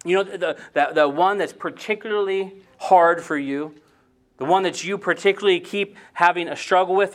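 Male preacher with a fairly high voice, earnest and heavy on rhetorical questions. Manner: earnest, repeats words, many rhetorical questions. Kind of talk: sermon.

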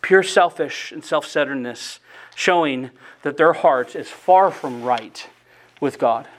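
High-voiced man preaching earnestly. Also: a little slow. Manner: earnest expository preaching, reading scripture aloud with rising emphasis. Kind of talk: sermon.

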